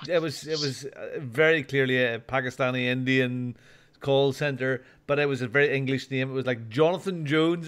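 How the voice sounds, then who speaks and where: A man's voice: medium pitch, moderate pace, fairly bright tone, smooth. A man co-hosting a podcast in casual chat, making wry, teasing remarks. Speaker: podcast co-host.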